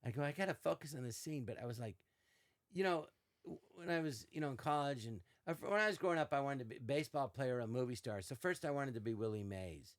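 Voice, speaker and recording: An older man, a podcast guest, telling animated anecdotes in casual chat and slipping into quoted voices. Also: medium pitch, fast. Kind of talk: casual storytelling.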